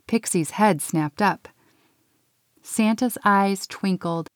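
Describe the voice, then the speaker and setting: Children's story reader, woman, unhurried and even, dry close sound. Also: on the low side, no echo. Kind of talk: reading a children's story aloud.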